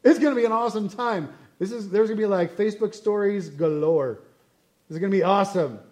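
A man putting on the voice of an excited man hyping up a great party, gushing and emphatic. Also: high-pitched, fast talker, lightly acted.

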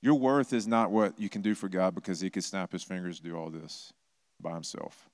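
A man's voice: low voice, fairly even intonation, moderate pace, a little mellow, no echo, clean studio sound. A middle-aged man preaching a sermon in a conversational way, acting out quoted voices with touches of humor. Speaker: pastor.

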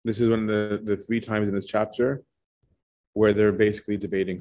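A man's voice: fairly low pitch, little pitch movement, a little fast, darkish tone. A man leading a casual Bible study, talking it through conversationally and checking in with his listeners by asking "right?". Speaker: Bible teacher.

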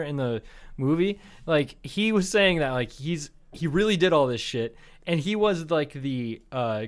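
A man's voice: a little high, clear, resonant tone. A man co-hosting a casual podcast chat, telling rambling, profane stories between frequent laughs. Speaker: podcast co-host.

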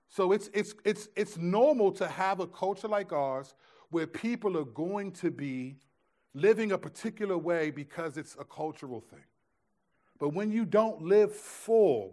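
Animated male preacher telling stories. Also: high voice. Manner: animated storytelling with many restarts and slang. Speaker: pastor. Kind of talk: sermon.

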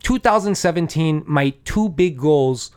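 Podcast co-host, male, slightly high voice, rambling, stop-start delivery. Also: expressive, smooth, no room sound, studio quality. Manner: rambling, halting, lots of restarts and fillers. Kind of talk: casual chat.

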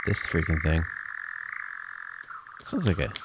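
A man's voice: very deep voice, huge pitch swings, unhurried, very noisy. A man giving casual reaction commentary on bird sounds, joking, exclaiming and swearing.

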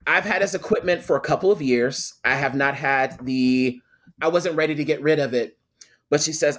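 A young adult man, a guest telling a personal story with lively quoted voices. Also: a little high, normal speed. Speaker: guest, photographer and attorney. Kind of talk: storytelling in a podcast interview.

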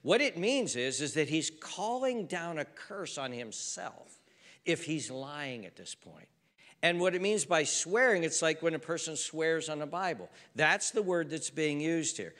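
A man's voice: on the high side, animated, unhurried, a bit bright. A man preaching a sermon in an earnest, conversational way, often repeating himself for emphasis. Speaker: pastor. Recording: reverberant hall.

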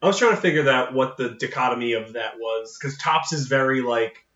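A man co-hosting a casual movie-discussion chat, animated and swearing casually, often acting out characters' lines. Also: mid-range voice, a little fast. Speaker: podcast co-host. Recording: echoey room, distant mic, dull lo-fi sound.

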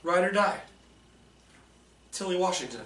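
A man's voice: high voice, animated, measured pace, a bit bright. A young man co-hosting a casual food podcast, joking and swearing a lot as he chats. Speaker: podcast co-host. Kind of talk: casual chat over food and drinks. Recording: echoey room, mic at a distance.

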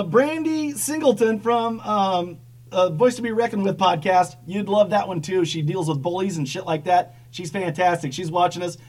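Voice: medium pitch, distant mic. A host in casual chat, joking and swearing freely, reading out viewer comments. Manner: crude, joking, profane.

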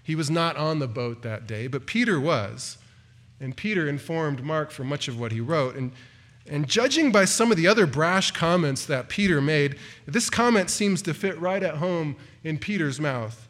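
Earnest preacher, a man with higher pitch. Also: animated, moderate pace, fairly bright tone. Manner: earnest, builds emphasis on quoted cries; occasional restarts and stumbles. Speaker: pastor. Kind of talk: expository sermon.

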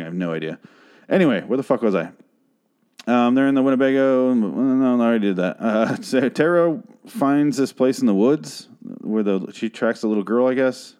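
A man hosting a casual solo review podcast, talking in a profane, rambling, jokey way and sometimes breaking into animated voices. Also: on the low side. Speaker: podcast host reviewing a TV series.

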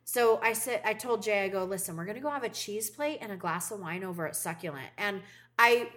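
A woman's voice: medium pitch, brisk, fairly bright tone. A woman co-hosting a podcast, telling stories in casual chat and swearing freely. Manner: chatty storytelling, swears freely. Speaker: podcast co-host.

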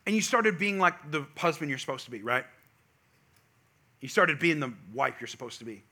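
A middle-aged man preaches in a church with a high, very bright voice. He tells stories in an animated way and pushes up to loud, emphatic peaks. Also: moderate pace. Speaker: pastor. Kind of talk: sermon with personal story.

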